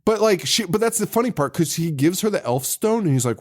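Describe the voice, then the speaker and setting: A man's voice: fairly high pitch, very animated, fast talker. A man co-hosting a podcast, chatting casually about a horror movie, rambling with lots of fillers and frequent laughs. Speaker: podcast co-host.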